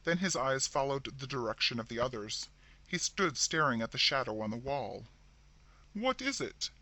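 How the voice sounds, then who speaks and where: A man narrating a scripted horror story in a dramatic, expressive reading. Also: mid-range voice, normal speed.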